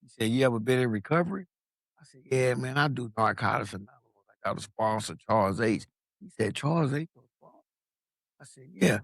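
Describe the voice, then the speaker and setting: Fairly quick and mid-range, this podcast guest from Long Beach, California relays his story with casual animation, swearing freely and voicing the people he quotes. The recording is dry, with clean studio sound.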